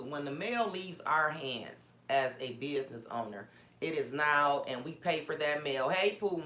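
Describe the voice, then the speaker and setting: A woman's voice: low-pitched, fairly bright tone. A woman vlogger telling a story in a casual, indignant way, with many restarts. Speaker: small business owner vlogger. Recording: roomy echo.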